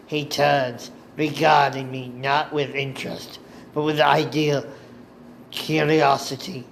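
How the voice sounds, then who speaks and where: A man narrating a first-person story in a deliberate amateur reading, sometimes correcting himself. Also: medium pitch, vocal fry, a little hiss or hum. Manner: slow, deliberate reading with occasional self-corrections.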